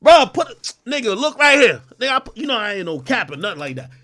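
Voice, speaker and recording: A man from Jamaica hosting his own show, delivering a profane, aggressive, confrontational rant and often breaking into shouts. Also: high voice, big pitch swings, fast. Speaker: host. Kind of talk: ranting livestream commentary.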